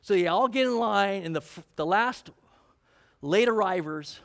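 A man's voice: sits high, expressive, unhurried, gravelly, a bit bright. A man preaching a sermon in a conversational way, often asking his congregation questions. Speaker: pastor.

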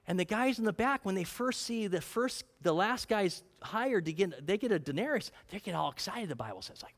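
Rich: A male preacher with a high, animated voice that leaps up and down. He talks through his sermon casually and keeps quizzing the congregation. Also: fairly quick, few pauses. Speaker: pastor.

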